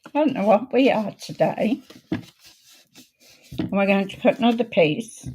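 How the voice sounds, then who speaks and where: A woman hosting a card-making video, chatting in a homely way while she works, her voice a little croaky. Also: medium pitch, animated, darkish tone. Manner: chatty, homely, unhurried, talks while working. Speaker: craft video host. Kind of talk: casual crafting demo chat.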